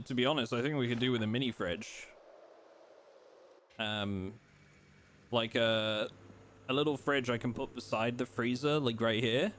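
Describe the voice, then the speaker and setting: A man streaming a game live, chatting casually in a relaxed, rambling way and teasing his chat. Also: medium pitch, a little hiss or hum.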